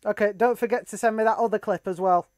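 A woman's voice: medium pitch, fairly even intonation, fast, a little mellow, no room sound. A woman hosting a casual let's-play, reacting to the game with frequent squeals and exclamations. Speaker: gaming video host.

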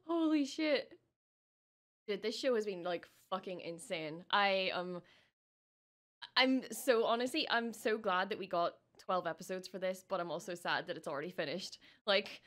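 A woman reacting to a show as she watches, excitable and swearing freely, with laughs and gasps. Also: mid-range voice. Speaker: reaction streamer. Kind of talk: live reaction commentary.

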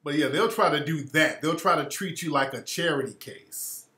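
A male radio host telling stories in a loose, profane monologue, laughing often and animated. His voice sits a bit high for a man. The room gives it a roomy echo. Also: moderate pace. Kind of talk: casual monologue.

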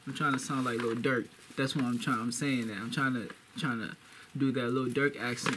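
A young man with a mid-range voice hosts a casual vlog at home, speaking into a camera mic at a moderate pace with fairly even intonation. He's boastful and keeps repeating phrases to build hype, and the background is noisy.

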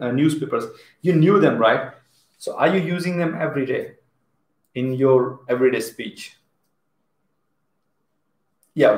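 A man with an Indian English accent teaching a live online English class, chatting and reading out viewers' comments as he goes. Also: mid-range voice. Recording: echoey room.

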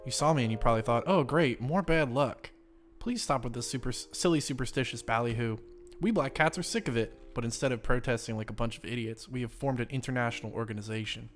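A man's voice: mid-range voice, quick pace, soft background music, lightly acted. A man voicing a male black cat checkpoint from a game, reading its dialogue aloud in an earnest, lecturing manner.

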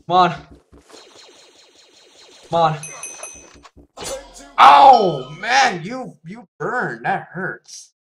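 A man giving live gameplay commentary, excitable, repeating words in bursts and yelping when he gets hit. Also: high-pitched, extremely slow, gravelly, long pauses, soft background music. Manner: yelps and laughs when hit. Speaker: gaming YouTuber.

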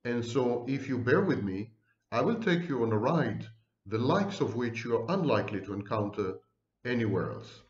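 A man gives a psychology lecture straight to camera, mixing dry humor and theatrical asides into his explanations. He slows down to stress key words with deliberate weight. The recording sounds roomy and a little dull. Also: mid-range voice, animated. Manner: wry, theatrical asides, slow deliberate emphasis. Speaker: psychology professor.

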